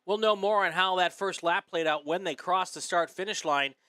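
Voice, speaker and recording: A man with a bright, slightly raised voice talks through a race live, easygoing and dotted with fillers. The sound is close and dry. He keeps the play-by-play relaxed. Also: high-pitched, moderate pace, clean tone, no echo. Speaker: race commentator.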